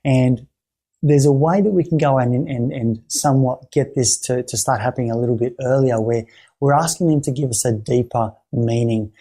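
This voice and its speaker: A man explaining a therapy exercise to fellow clinicians, halting often to repeat words and restart his sentences. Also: medium pitch, warm tone. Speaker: therapy trainer.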